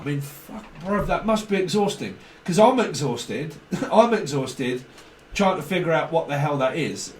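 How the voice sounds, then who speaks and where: A man reading tarot in a casual monologue, rambling, swearing, laughing often and mimicking other people. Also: mid-range voice. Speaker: tarot reader. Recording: echoey room, some distance from the mic, faint noise.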